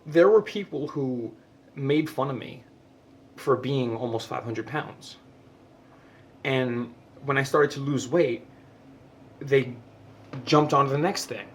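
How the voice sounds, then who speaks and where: A man's voice: mid-range voice, takes it slowly, long pauses. A young man giving a heartfelt personal monologue to camera, passionate and emotional, swearing often and tripping over repeated words. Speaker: vlogger.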